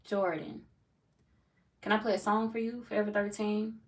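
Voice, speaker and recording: A woman's voice: medium pitch, level tone, moderate pace, recorded from a distance. A woman reading tarot on a livestream, chatting loosely with viewers, reading their comments aloud and laughing often. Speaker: tarot reader greeting live chat. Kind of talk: casual livestream chat.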